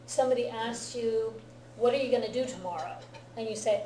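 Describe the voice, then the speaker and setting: A woman's voice: on the high side, normal speed, darkish tone. Patient woman teacher in a roomy classroom. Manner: patient, often checks understanding. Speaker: Japanese teacher. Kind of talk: classroom grammar lesson.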